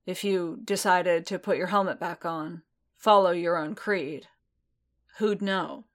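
A woman voicing a gruff, protective male bounty hunter who grumbles and presses gently in a fan fiction audiobook. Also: fairly low pitch, steady tone, slow. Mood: soft.

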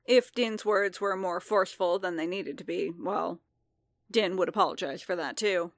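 A woman narrating a story in a measured, calm reading voice, close to the mic. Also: lowish voice, no room sound. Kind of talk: audiobook fan fiction reading.

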